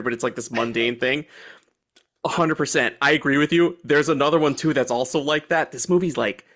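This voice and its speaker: A man in his forties co-hosting a podcast, chatting about a movie in an excited, profane way. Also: on the high side. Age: 40s. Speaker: podcast co-host. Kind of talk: casual movie chat.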